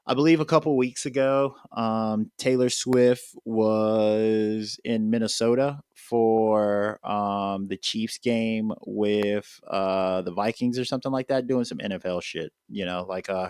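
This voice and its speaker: A man's voice: medium pitch, smooth, dry recording, clean studio sound. A man hosting a casual podcast chat, rambling with lots of filler words and restarts. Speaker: podcast host.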